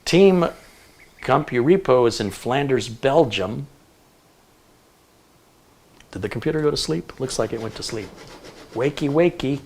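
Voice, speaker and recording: A man's voice: mid-range voice, animated, a little slow, pauses often. A middle-aged man hosting a tech livestream, reading out where viewers are from and tossing in jokey asides. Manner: chatty, jokey asides while reading a list. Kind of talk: casual livestream chat, reading viewer locations.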